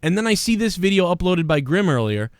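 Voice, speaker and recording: A man hosting a podcast, ranting in a profane, animated way and mimicking people as he talks. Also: high-pitched, fairly quick, no echo, clean studio sound. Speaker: podcast host.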